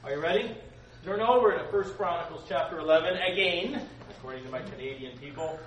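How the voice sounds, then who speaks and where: A man preaching a sermon to young people, animated and joking, swinging between loud outbursts and soft asides. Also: fairly high pitch, a little fast. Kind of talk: sermon to a youth congregation. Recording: echoey room, faint room noise.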